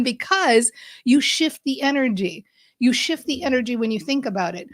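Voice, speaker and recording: A woman hosting a podcast, giving an upbeat, emphatic motivational monologue that speeds up and slows down for effect. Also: high-pitched, animated, dry recording, studio quality. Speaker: podcast host and mindset coach.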